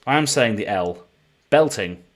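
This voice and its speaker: On his live stream, a chatty man from the United Kingdom opens packs and reads out the card names in a running list. He has a British accent and a fairly low, expressive voice, and his pace is a little slow.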